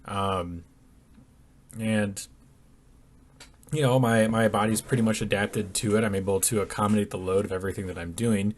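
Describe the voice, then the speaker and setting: A man's voice: lowish voice, fairly even intonation, normal speed, long pauses, a little hiss or hum. A young man talking casually over his workout footage, sleepy and yawning, with lots of ums and restarts. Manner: rambling, many ums and restarts. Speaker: fitness vlogger.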